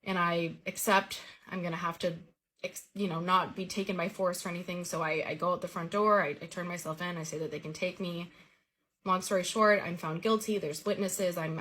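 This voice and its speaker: A woman earnestly recounting a vivid personal dream story in a casual way. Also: on the low side. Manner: earnest, vivid retelling with lively quoted dialogue.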